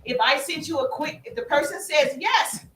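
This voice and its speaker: Woman, sales trainer, live stream, energetic, emphatic, high voice, roomy echo. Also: fairly quick, distant mic, slight background noise. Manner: energetic, emphatic and preachy, addresses the audience directly.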